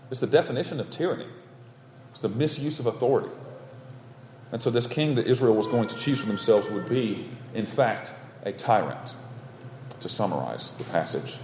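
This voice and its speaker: A man preaching a sermon from the pulpit, stressing his points through steady repetition. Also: medium pitch, slight background noise. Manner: emphatic, repetitive preaching cadence. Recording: echoey hall with long reverb.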